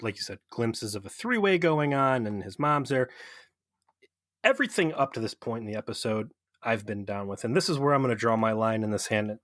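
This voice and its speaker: A man's voice: lowish voice, a bit bright, no room sound. A man co-hosting a podcast, recapping an episode in a rambling, profane, amused way. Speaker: podcast co-host. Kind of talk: casual chat.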